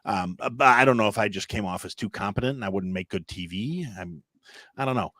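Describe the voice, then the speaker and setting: A man's voice: lowish voice, a little fast, dry recording, clean studio sound. A man from Illinois, a chef guest on a podcast, telling stories in casual chat and acting out quoted lines. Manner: storytelling, acts out loud quotes.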